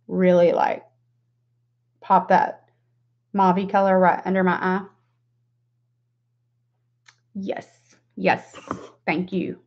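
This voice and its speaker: A woman in her forties with a Southern US accent, giving a casual livestream makeup tutorial. She chats with viewers by name and laughs often. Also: mid-range voice. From Southern United States. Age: 40s. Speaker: makeup vlogger. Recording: dull lo-fi livestream audio.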